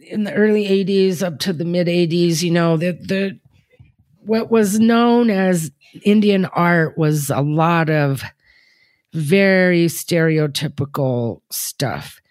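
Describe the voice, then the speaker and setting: A woman's voice: fairly low pitch, a little mellow, dry recording, studio quality. A woman in her fifties, an artist guest, talking thoughtfully in an interview and rambling with frequent fillers. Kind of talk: reflective interview talk.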